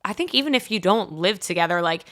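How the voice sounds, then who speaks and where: A woman's voice: lowish voice, expressive, fast talker, a bit bright. A young woman host, telling personal stories on a solo podcast in a chatty, confessional way full of "like" and laughing asides. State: congested. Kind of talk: casual solo podcast storytelling.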